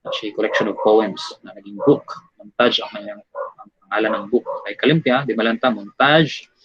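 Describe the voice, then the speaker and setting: A man with a Filipino accent teaching an online exam review class. He switches languages and uses many fillers, and he explains slowly and reads examples aloud. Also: on the low side, slight background noise. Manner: switches between English, Tagalog and Cebuano with many fillers. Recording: dull lo-fi audio.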